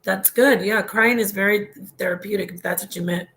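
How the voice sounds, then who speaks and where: A woman chats casually on her livestream in a voice of ordinary pitch for a woman. She rambles and gets emotional, laughing and restarting as she reads comments and answers them. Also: steady tone, fairly quick, a bit bright. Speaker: livestream host reading viewer comments.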